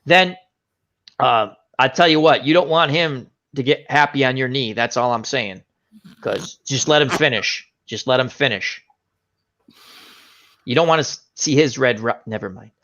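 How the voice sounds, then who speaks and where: A man's voice: mid-range voice, moderate pace. A man hosting a casual live chat, telling a long story and acting out the other people's lines. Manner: animated storytelling, acts out quotes. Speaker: show host. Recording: dull lo-fi stream audio.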